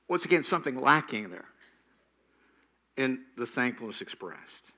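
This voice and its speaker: A man's voice: medium pitch, sing-song, normal speed, long pauses, pushed and bright. An older man preaching a sermon, telling stories and acting out quoted prayers with animation. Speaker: pastor.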